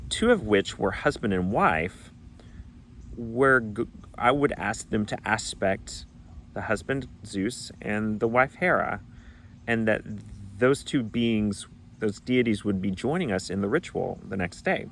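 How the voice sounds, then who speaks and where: A man with a fairly low voice tells a long personal story in an earnest, reflective way. He is from Arkansas, and now and then he acts out remembered conversations in his own voice. The pace of his telling stays calm. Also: slight background noise. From Arkansas, United States. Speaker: pagan vlogger.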